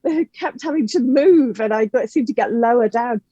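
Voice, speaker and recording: Woman guest, Liverpool accent toned down; mellow, lively, chatty; dry, slightly dull remote audio. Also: fairly high pitch, normal speed, husky, dry recording. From Liverpool, England. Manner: animated, laughing, trailing asides. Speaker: guest, writer and actor. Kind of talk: casual interview chat.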